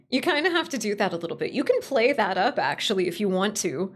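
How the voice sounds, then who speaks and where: A young woman streamer chatting casually with her viewers, rambling and giggling with sudden jumps in pitch, her voice a little strained from overuse. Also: very animated, fast, hardly any pauses. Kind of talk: casual live-stream chat.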